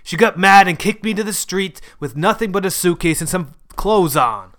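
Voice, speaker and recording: A man doing a gruff old grandpa. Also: sits high, expressive, moderate pace, fairly bright tone, voice pushed up. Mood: reminiscing. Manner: hollering, rough, defiant. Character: gruff old male grandfather, drunk junk dealer.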